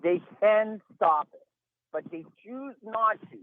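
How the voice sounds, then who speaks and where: A man's voice: sits high, expressive, slow, no echo. A man speaks through a tinny phone line in a dry, close recording. He talks in an emphatic, rambling way and sounds worn out with exasperation. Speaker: interview guest. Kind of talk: casual phone interview. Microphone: phone call.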